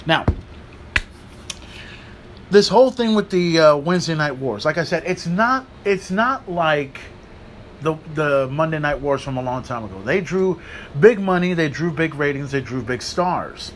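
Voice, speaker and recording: Fired-up, high-voiced man ranting. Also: animated, unhurried, slight background noise. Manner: ranting, profane, emphatic. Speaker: podcast host. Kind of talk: solo wrestling commentary rant.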